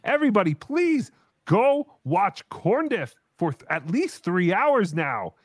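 Brief: male livestream host, high and very animated voice, dry close sound. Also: slow, dry recording. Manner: animated, exclamatory, joking. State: tired. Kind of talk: casual livestream chat.

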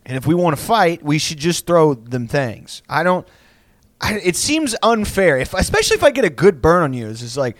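A man's voice: on the high side, sing-song, normal speed, no echo, clean studio sound. A young man from Texas, rambling through crude comedic banter, laughing often and acting out insults. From South Houston, Texas.

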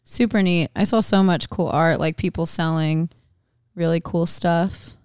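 A woman's voice: lowish voice, fairly even intonation, a little slow, darkish tone, smooth, no room sound. A woman in casual podcast chat, telling a story with many "like"s, on a close mic.

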